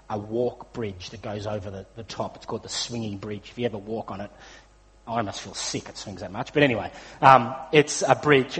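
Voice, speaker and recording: An Australian man preaching a sermon, telling a personal story in a chatty way with frequent fillers. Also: mid-range voice. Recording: long hall reverb.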